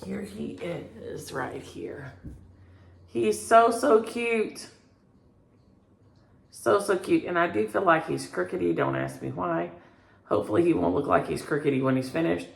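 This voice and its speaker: A woman's voice: fairly low pitch, normal speed, creaky, slight background noise. A middle-aged woman in casual chat about her stitching at home, rambling from one thought to the next. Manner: rambling, chatty, talks to her cats between thoughts. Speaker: cross-stitch vlogger. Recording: echoey room.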